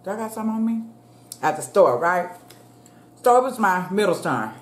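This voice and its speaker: A woman's voice: medium pitch, very animated, a little fast. Chatty woman eating, echoey room. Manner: chatty, eats between sentences, addresses viewers as y'all. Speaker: mukbang vlogger. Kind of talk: casual chat while eating.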